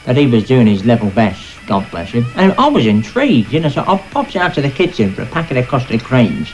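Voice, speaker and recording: A grumbling, matter-of-fact man, played by an actor in a comedy monologue. His pitch sits in the middle but moves a lot, and a guitar plays faintly behind him. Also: very animated, brisk, close to an everyday voice, poor audio. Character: grumbling old-fashioned London man telling a story.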